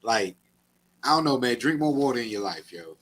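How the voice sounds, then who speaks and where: A man's voice: medium pitch, lively intonation, moderate pace, fairly bright tone, breathy edge. A man co-hosting a podcast, ranting in casual slangy chat. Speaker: podcast co-host.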